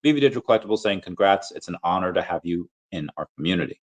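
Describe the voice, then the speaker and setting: Chatty man reading out crypto shout-outs. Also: deep voice, rapid-fire, poor audio. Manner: chatty, animated, frequent fillers and laughs, reads out posts and shout-outs. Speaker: crypto and collectibles video creator. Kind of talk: casual solo commentary.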